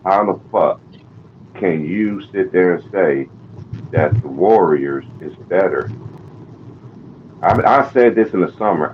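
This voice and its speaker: A man on a sports panel call, ranting in a profane, exasperated way. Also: deep voice. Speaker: panel guest. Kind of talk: heated sports chat. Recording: dull lo-fi call audio with faint noise.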